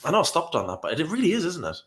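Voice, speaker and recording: A man's voice: a little high, huge pitch swings, racing, fairly bright tone, soft background music. A man casually reacting to video clips and reading out comments, rambling and self-deprecating with frequent sighs.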